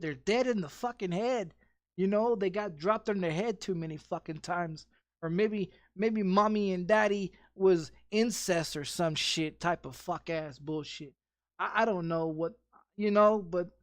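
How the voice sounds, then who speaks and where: A man's voice: sits high, dry recording. A man ranting casually while streaming a game, swearing constantly and restarting his sentences. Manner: profane, rambling, heavy restarts and repeats. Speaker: gaming streamer.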